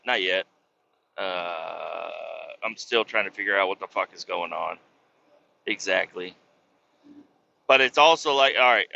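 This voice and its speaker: Exasperated, cursing man with a bright voice. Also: mid-range voice, lo-fi sound. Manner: profane, rambling and exasperated. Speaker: podcast host. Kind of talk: casual solo rant.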